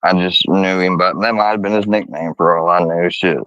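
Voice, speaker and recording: A low, steady, slightly bright voice moves briskly as this man recounts a story casually, cursing constantly and growing heated while loudly imitating what others said. The sound is dull, dry, lo-fi, with no echo.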